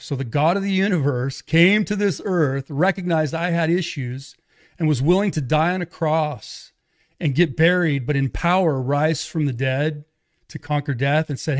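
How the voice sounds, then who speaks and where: Recounting his life as a guest on a podcast, a middle-aged evangelist speaks loosely and conversationally, often quoting people's words to him as dialogue. He talks at a moderate speed in a slightly high voice.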